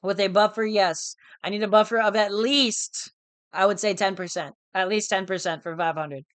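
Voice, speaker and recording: A man's voice: high-pitched, steady tone, moderate pace, fairly bright tone, clear, resonant tone, dry recording. A man day trading on a live stream, chatting casually in a laid-back, slangy way, repeating phrases and calling listeners dude and bro. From United States.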